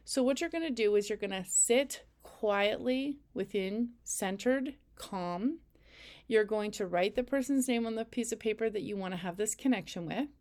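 A woman teaching a spiritual intuition lesson, guiding listeners calmly step by step. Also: medium pitch, normal speed. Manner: calm, step-by-step second-person instruction. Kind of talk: guided instructional talk.

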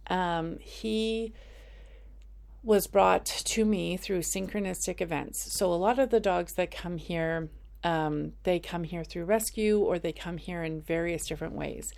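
Gravelly woman in her fifties. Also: fairly low pitch, a little mellow. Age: 50s. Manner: rambling, chatty, heavy on fillers like "like". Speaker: host of weekly inspirational messages. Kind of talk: casual personal monologue.

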